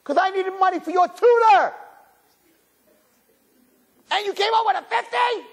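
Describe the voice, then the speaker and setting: A man voicing a hysterical middle-aged mother who shrieks melodramatically, in a shrill near-falsetto. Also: slow, a little mellow, heavily acted. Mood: indignant. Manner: melodramatic, catastrophizing rant.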